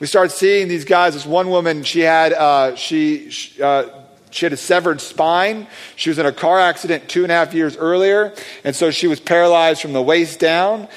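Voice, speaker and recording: A man excitedly telling a testimony story about praying for people, rambling with many fillers and restarts. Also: a little high, normal speed. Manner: animated, acts out quoted voices. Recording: long hall reverb.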